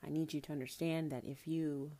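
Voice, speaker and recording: A woman's voice: deep voice, steady tone, fairly quick. A woman calling herself a prophetess gives a casual spiritual talk to the camera. She is intimate and coaxing, calls the listener honey, swears casually and sometimes drops to a whisper. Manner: drops into soft whispers at times. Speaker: self-described prophetess.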